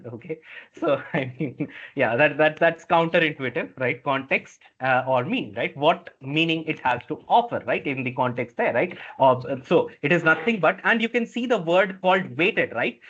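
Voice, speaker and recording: A male instructor with an Indian English accent giving a classroom lecture, halting and repetitive, checking in with "right?" after nearly every phrase. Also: a little high, a bit bright, muffled recording.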